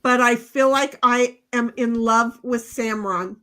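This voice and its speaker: Woman co-host, casual livestream chat, unhurried and rambling, slightly high voice, playful and self-mocking. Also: fairly even intonation, bright, forceful tone. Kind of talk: casual chat, reading viewer comments aloud.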